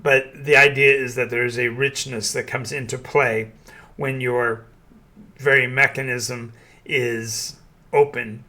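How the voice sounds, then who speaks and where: Halting older man with a bright voice. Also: medium pitch, level tone. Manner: halting, many restarts and fillers. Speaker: game master and channel host. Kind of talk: opinion monologue.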